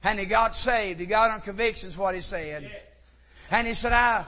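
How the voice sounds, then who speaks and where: A man preaching a sermon, telling stories and rising to shouted fervor. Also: high-pitched, normal speed. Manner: rises to shouted fervor in quoted lines. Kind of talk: sermon storytelling.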